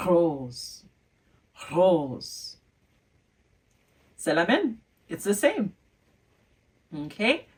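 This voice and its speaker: A woman teaching a beginner French lesson, playfully quizzing the viewer with hums and pauses and carefully enunciating each French word. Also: mid-range voice, breathy edge, far from the mic. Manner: exaggerated enunciation of French words.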